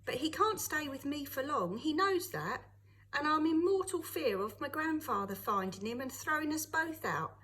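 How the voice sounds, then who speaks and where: A woman's voice: sits high, animated, normal speed. A woman reading aloud, voicing a cheerful, caring young street girl who talks with a laugh. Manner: laughing, warm-hearted.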